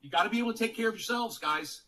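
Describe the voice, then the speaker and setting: A man's voice: high voice, rapid-fire, sharp tone. A man streaming, delivering a profane, preachy rant to his viewers, repeating himself and swearing a lot. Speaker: streamer in an earlier clip. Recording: voice distant from the mic.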